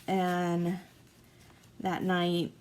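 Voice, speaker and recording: A woman's voice: lowish voice, monotone, extremely slow, noisy background. A woman in her forties, a mom chatting casually and rambling through a story while crafting at home. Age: 40s. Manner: chatty, rambling, self-mocking.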